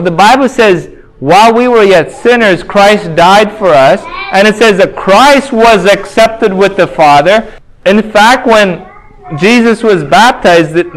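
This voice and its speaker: A man preaching a sermon, who asks his listeners questions and answers them himself and slows down to read scripture. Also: high-pitched, fairly bright tone, low-quality recording.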